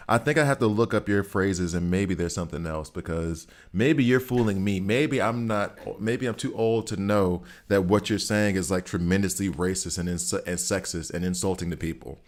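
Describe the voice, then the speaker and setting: Middle-aged guy streaming a game, really low voice, chatty and teasing with chat. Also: moderate pace, hardly any pauses. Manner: chatty, teasing chat readers, talks to viewers while playing. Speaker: gaming streamer. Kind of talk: casual live-stream chat.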